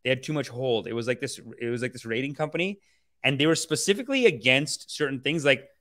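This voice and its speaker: A man hosting a podcast, chatting casually and reacting to a film trailer in an animated, profane, rambling way. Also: medium pitch, fast. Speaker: podcast host.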